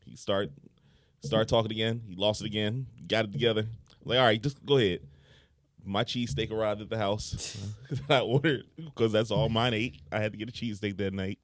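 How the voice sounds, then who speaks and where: Low-voiced man sharing a sad story. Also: steady tone, fairly quick, no room sound, clean studio sound. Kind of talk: casual group chat.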